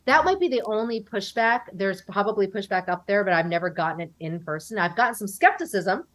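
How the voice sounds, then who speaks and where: A woman's voice: medium pitch, lively intonation, fairly quick. A woman in her forties from the United States, chatting animatedly as an interview guest and acting out what other people said. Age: 40s. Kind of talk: casual interview chat.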